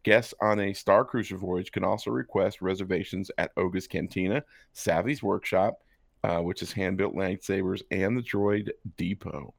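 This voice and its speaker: A man's voice: low-pitched, fairly even intonation, moderate pace, creaky, dry recording, clean studio sound. A man co-hosting a podcast, reading a text aloud with sarcastic asides. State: hiccups. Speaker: podcast co-host. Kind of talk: casual chat, reading and joking.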